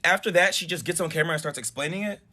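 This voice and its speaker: A man's voice: fairly high pitch, very fast, pushed and bright. A man casually narrating and reacting to a story, with incredulous, sarcastic asides. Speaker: reaction commentator.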